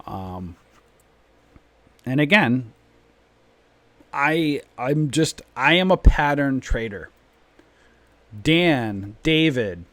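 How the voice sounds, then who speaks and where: A man's voice: medium pitch, no room sound. A man hosting a live trading stream, talking emphatically and repeating his points in a long rant. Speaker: trading room host.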